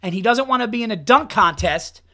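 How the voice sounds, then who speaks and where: High-voiced man host telling stories. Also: lively intonation, a little fast, bright, forceful tone. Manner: storytelling, repeats "so then" while laughing. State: laughing to tears. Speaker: podcast host. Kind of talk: casual comedic chat.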